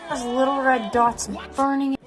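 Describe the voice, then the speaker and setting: Young woman, super high voice, dramatic storytime vlog, music under it. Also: level tone. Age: young adult. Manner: dramatic, quick and chatty. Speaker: TikTok creator.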